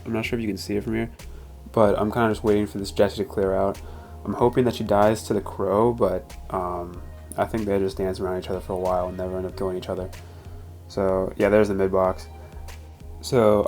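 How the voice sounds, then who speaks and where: Young male gaming host, a bit congested, low-pitched, laid-back replay voice-over over faint music. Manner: relaxed, rambling with many fillers. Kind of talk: casual gameplay commentary.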